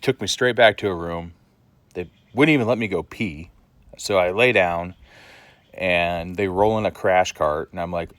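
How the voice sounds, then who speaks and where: Deep-voiced man telling a story bluntly. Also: normal speed, a bit bright, no room sound. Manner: blunt, swears freely. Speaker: vlogger. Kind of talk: casual storytelling to camera.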